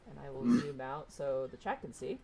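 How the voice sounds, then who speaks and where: A woman's voice: rumbling low, expressive, normal speed, mellow. A woman narrating as game master of a tabletop game, chatty and laughing between lines.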